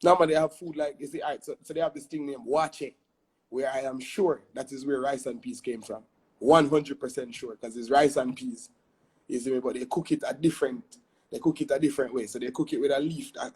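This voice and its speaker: Casting note: young Jamaican man, husky tone, animated storytelling guest, peppers talk with tag questions. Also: medium pitch, brisk. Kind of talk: casual interview chat.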